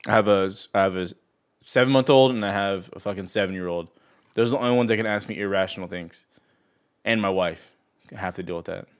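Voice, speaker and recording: A man's voice: deep voice, fast, clear, resonant tone. A young man hosting a trading livestream, talking casually and ranting at viewers in chat with sarcasm and profanity. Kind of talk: casual live stream chat.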